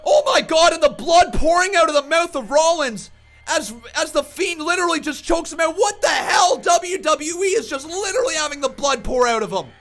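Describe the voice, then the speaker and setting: A young man with a strikingly high, piercing voice rants at full volume, furious and swearing, repeating his protests over and over. His tone is sharp and forceful throughout, with bleeps covering the curses. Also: lively intonation, normal speed. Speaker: wrestling reaction vlogger. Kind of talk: shouted angry rant.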